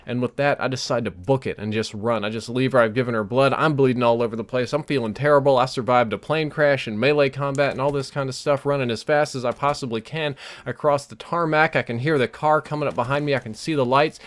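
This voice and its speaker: A man recounting a vivid dream as an animated, breathless story over gameplay footage. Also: medium pitch, fast talker. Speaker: gaming YouTuber.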